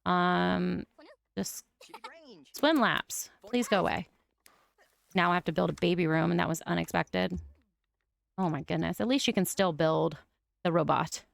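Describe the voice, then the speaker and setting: A woman's voice: on the low side, unhurried, vocal fry, long pauses, slight background noise. Gushing young woman narrating gameplay. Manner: gushing, squealing bursts of excitement. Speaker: gaming YouTuber. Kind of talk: excited gameplay commentary.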